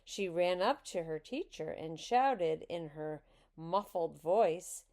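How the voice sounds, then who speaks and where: A woman reading a children's book aloud in an expressive, unhurried way. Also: fairly low pitch. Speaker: reader.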